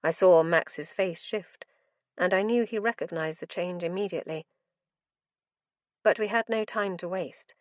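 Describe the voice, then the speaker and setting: A woman narrating a dark fantasy audiobook in the first person, with a tense, dramatic delivery. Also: on the low side, measured pace, long pauses, dry recording, clean studio sound.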